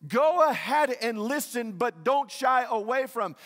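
A man's voice: very high voice, lively intonation, measured pace, few pauses, fairly bright tone, big-room sound. A male pastor delivering a sermon, emphatic, asking the congregation questions and repeating key lines. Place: church sanctuary.

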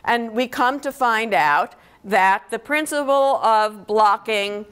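Woman professor lecturing in a hall; a higher voice and slow deliberate pace, explaining patiently with "okay?" check-ins. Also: fairly bright tone, clear, resonant tone. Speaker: linguistics professor giving a lecture. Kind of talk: university lecture.

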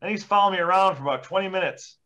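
A forceful, bright-toned man in his forties spins rambling, profanity-laced stories as a podcast guest. The audio is dull and lo-fi. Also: high voice, racing. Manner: profane, rambling anecdotes with acted-out quotes. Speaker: podcast guest, former hockey player. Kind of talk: casual storytelling. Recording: dull lo-fi sound.

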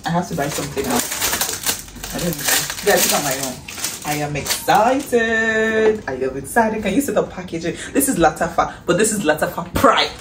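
A woman with a Nigerian accent chatting in a casual haul vlog, excitable and gushing, breaking into shrieks and breathy exclamations. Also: low voice, fairly quick. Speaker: vlogger. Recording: echoey room, distant mic, faint hiss.

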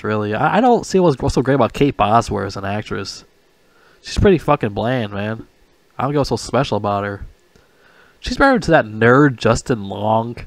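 A man's voice: mid-range voice, gravelly, no echo. Profane rambling man reviewing a movie. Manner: profane, rambling, mocking, frequent restarts. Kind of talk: casual rambling film review.

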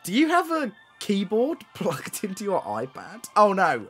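A young man streams from home, his voice leaping up and down as he jokes and swears with his chat. He sounds excitable and mocking, with quiet music under his speech. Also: high voice, a little slow, husky. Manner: teasing, excitable, swears and laughs often. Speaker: livestreamer. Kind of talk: casual live-stream commentary.

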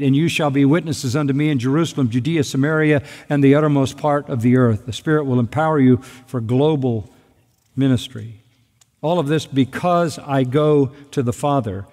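A man's voice: medium pitch, darkish tone. A man preaching an expository sermon as pastor, emphatic and fond of repeating key phrases. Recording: hall reverb.

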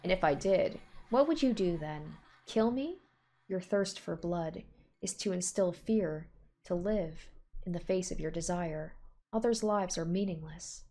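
A woman's voice: fairly low pitch, mellow. A woman reading a cold, mocking unseen woman. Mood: taunting. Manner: cool, measured, scornful.

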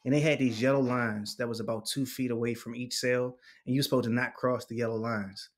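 A poet in his forties, interviewed, tells stories in a casual, slangy, lively way, mimicking other people's voices and laughing a lot. His voice sits at a medium pitch and he talks briskly.

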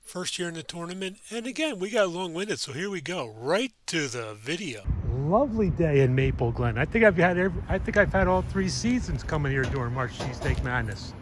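A man's voice: a little high, expressive, fairly quick, few pauses, background noise. Upbeat man hosting a food review. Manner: upbeat, joking, announcer-style. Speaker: food reviewer and show host. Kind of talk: casual food-review chat.

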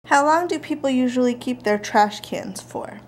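Young woman, casual vlog chat, giggly, teasing, fairly high voice, faint background hiss. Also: normal speed. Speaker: vlogger. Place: home and car, indoors.

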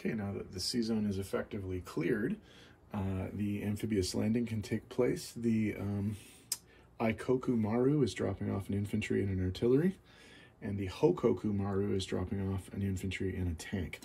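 A man narrating his own board game turn by turn, calling out each dice roll in a steady, methodical way. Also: fairly low pitch, normal speed, gravelly. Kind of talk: play-by-play board game commentary. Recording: loud background noise.

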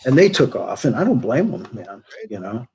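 Husky man telling animated stories. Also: mid-range voice, moderate pace. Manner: animated storyteller, frequent "you know". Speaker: guest musician. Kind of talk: casual conversation.

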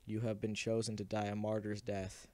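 A man's voice: on the low side, completely flat delivery, moderate pace, dark tone, no echo, natural voice. A man voicing a solemn cult matriarch. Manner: solemn and pronouncing. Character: calm ominous female cult matriarch.

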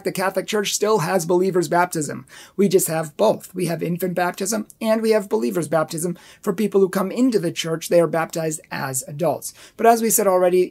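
Gravelly, husky apologetics host. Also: mid-range voice, darkish tone. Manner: emphatic, repeats points for stress, laughs at claims it rebuts; challenges viewers directly. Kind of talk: apologetics commentary video.

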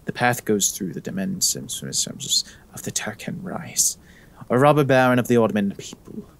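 A man's voice: on the low side, very animated, normal speed. A man reading a medieval traveler's journal aloud in an attempted French accent, in a solemn tone.

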